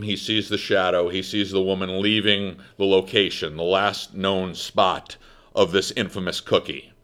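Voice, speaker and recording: Dramatic, emphatic male talk host. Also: fairly low pitch. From United States. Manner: theatrical, emphatic, swings loud and soft. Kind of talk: dramatic monologue storytelling.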